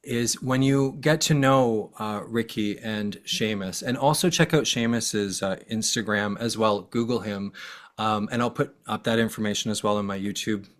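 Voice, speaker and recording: A man's voice: lowish voice, normal speed. A man hosting an interview, speaking in a hesitant, friendly way with frequent fillers. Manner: warm, hesitant, many fillers. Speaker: host. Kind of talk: casual interview chat.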